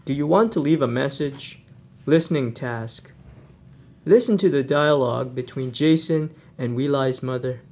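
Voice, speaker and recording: A man narrating an English lesson recording, giving instructions in a measured, instructional way. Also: medium pitch, darkish tone. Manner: slow, measured instructional delivery. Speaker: narrator of a language course.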